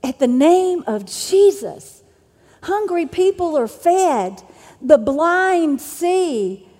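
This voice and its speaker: A woman's voice: very high-pitched, very animated, drawn-out words, warm tone, big-room sound. A woman preacher delivering a sermon with an emphatic, repetitive cadence.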